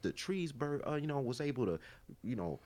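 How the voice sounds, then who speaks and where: Brisk and mid-range in voice, this co-host with a Chicago accent spins animated, foul-mouthed, slang-filled stories during a casual podcast chat.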